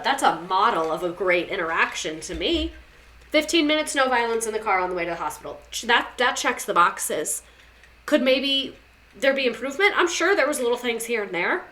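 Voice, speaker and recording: Young woman podcast host, casual sarcastic chatter with a bright, sharp tone. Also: medium pitch. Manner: chatty, sarcastic, repeats words for comic effect. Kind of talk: casual chat reading listener stories.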